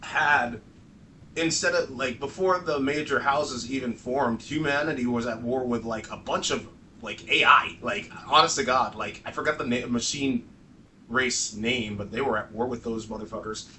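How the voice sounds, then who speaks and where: A man co-hosting a podcast in casual chat, excitable, dropping lots of "like" and swearing freely. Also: mid-range voice, normal speed, distant mic, slight background noise. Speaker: podcast co-host.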